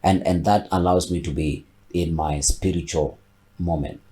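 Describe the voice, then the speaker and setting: A man's voice: deep voice, steady tone, normal speed, warm tone, breathy edge. A man, reflecting aloud in a casual podcast chat and often repeating words as he thinks. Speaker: podcast co-host.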